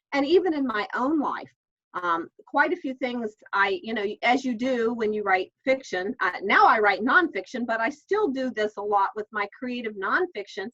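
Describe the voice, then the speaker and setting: A middle-aged woman author telling stories in a casual interview, chatty with many restarts. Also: fairly high pitch. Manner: chatty, warm storyteller, many fillers and restarts. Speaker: author and guest. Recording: dull lo-fi call audio.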